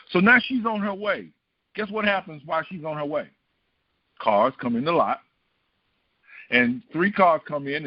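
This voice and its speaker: Middle-aged preacher with a higher voice. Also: male voice, no echo, lo-fi sound. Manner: asks the congregation rhetorical questions. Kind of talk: storytelling sermon.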